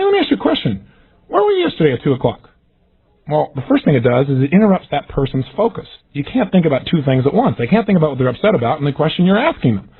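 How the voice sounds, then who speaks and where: A man giving an energetic, emphatic motivational seminar talk, acting out the questions he quotes. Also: fairly high pitch, breathy edge. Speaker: motivational speaker. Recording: tinny phone-like lo-fi audio.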